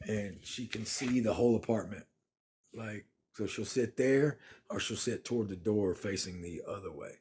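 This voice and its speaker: Chatty man with low voice. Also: moderate pace, darkish tone, slightly rough. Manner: chatty, thanks viewers by name, rambling. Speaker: livestream host. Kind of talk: casual livestream chat. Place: apartment. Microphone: phone.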